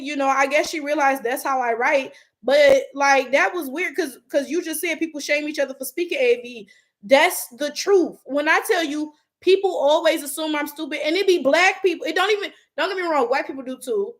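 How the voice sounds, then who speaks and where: Blunt high-voiced Detroit woman. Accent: African American Vernacular English, Detroit. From Detroit, USA. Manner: blunt, profane, animated. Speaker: YouTube host reading comments. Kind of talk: casual livestream commentary.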